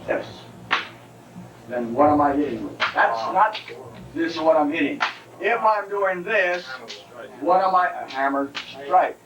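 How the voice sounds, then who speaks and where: A man's voice: on the high side, moderate pace, gravelly, dull audio, a crowd in the background. A male karate instructor at a seminar, demonstrating techniques and often checking that his students follow. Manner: explanatory, keeps checking in with listeners. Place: training hall at a seminar. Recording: distant, roomy, noisy 1989 seminar recording.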